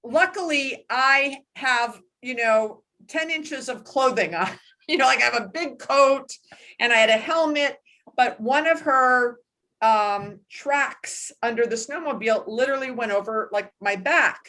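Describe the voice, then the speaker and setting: A woman in her sixties with a fairly high voice tells a personal story during a casual book club discussion. Her delivery is animated, and she mixes in quick asides. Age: 60s. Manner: animated anecdote telling with laughs.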